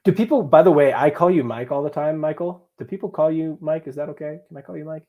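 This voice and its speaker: Over narrow, tinny audio, a young man talks fast in a fairly high voice. As host of a live draft stream, he reads viewer comments and jokes around casually with chat and co-hosts.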